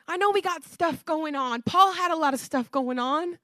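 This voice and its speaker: A woman gives a sermon at a moderate pace, her high voice building in passion until it nearly becomes a shout. She laughs often between points, speaking directly to her congregation, and the audio is dry and close with no echo at all.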